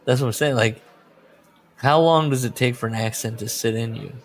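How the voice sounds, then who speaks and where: A man's voice: medium pitch, moderate pace. A man with a Midwestern accent hosting a podcast, rambling through questions and often laughing. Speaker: podcast host. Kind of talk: casual chat.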